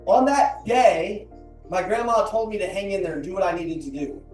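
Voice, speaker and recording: Speaking at normal speed in a high-pitched voice with a darkish tone, a motivational speaker earnestly and emotionally addresses an audience in a large room, repeating his lines for emphasis. Faint music is heard in the roomy, distant recording.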